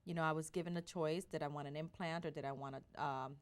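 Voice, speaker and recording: A woman telling her personal story as an interview guest, in an animated way with frequent restarts. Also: low-pitched, fast, smooth.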